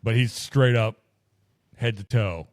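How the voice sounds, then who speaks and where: A podcast co-host with a mid-range voice speaks slowly in a clean studio recording with no room sound. He casually tells stories loaded with swearing and acts out the quotes in animated voices.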